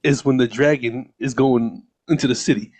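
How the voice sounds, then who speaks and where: A man co-hosting a casual movie podcast, expressive and swearing freely. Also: medium pitch, normal speed, dry recording. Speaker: podcast co-host.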